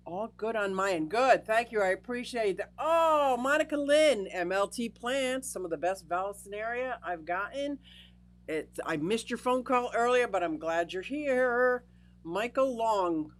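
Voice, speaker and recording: A woman's voice: a little high, a bit bright. A middle-aged woman hosting a casual livestream from her home fish room, greeting viewers by name in a bubbly, chatty way. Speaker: livestream host. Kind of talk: casual livestream chat, reading out viewers' names.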